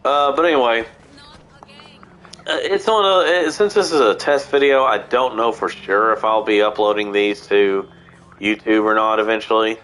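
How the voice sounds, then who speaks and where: A man streaming a video game while sick, with a nasal voice, talking casually and rambling, with many halting restarts. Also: on the low side, a bit bright. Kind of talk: casual gameplay stream chat. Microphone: headset mic through console.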